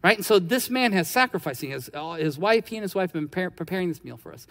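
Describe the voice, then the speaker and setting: A man's voice: sits high, animated, fast talker, a bit bright. A man preaching a sermon in a conversational, storytelling way. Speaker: pastor. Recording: long hall reverb.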